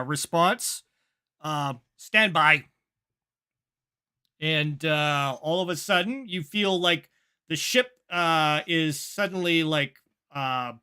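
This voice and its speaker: Slow-talking, bright-voiced male game master. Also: a little high, clean tone. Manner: halting narration full of uh fillers. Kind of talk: narrating a sci-fi tabletop game.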